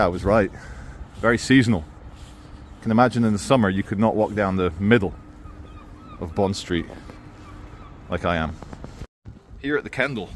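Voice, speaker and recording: A man's voice: low voice, slight background noise. A man walking through town streets and filming himself, giving wry, sarcastic running commentary as a YouTuber. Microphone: handheld camera mic while walking.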